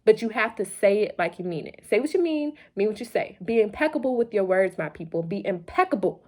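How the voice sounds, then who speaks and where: A woman's voice: medium pitch, animated, brisk, a little mellow. Woman vlog host, late-night loopy energy, playful preacher, repeats phrases for emphasis. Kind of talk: motivational talk to camera.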